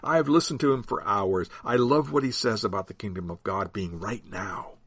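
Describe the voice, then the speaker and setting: A man voicing a loud, generous middle-aged village father in a read-aloud Bible story, with a husky voice. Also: dry recording. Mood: warm. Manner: loud, booming, quick to laugh.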